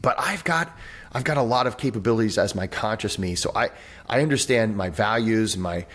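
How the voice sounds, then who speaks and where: A man, a breathwork teacher and author, talks as a podcast guest over a video call. He explains things with animated energy, acts out little voices and often restarts his sentences. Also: on the low side, brisk. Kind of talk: conversational interview on a podcast.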